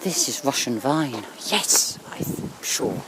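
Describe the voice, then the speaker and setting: A woman's voice: a bass voice, expressive, takes it slowly, heavy background noise. A woman chatting in a sing-song way while filming a walk along a beach and holiday park. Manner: chatty, sing-song, hums and laughs often. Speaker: vlogger. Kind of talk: casual walking commentary.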